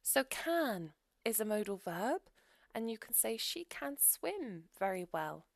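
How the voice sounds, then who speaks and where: A woman teaching English grammar in a recorded lesson, explaining clearly and steadily with example sentences. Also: a little high, big pitch swings, takes it slowly, no echo, studio quality.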